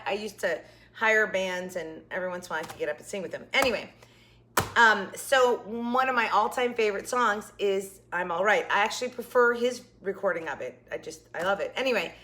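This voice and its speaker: Brisk and sharp, with slight background noise, a medium-pitched woman's voice rambles through a story on her craft channel. As host, she sounds worn out, talkative and prone to many asides.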